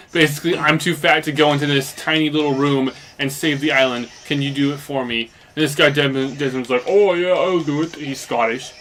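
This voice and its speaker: A man's voice: a little high, level tone, brisk, a bit bright, slight background noise. Rambling young man recapping casually. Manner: loose and meandering, heavy on fillers like "basically" and "like". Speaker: let's play commentator. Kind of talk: casual rambling recap while playing a game.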